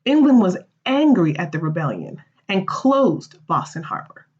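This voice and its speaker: A woman teacher reading a play aloud for fourth graders, with expressive, animated delivery. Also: lowish voice, a little slow, slightly rough, highs cut off.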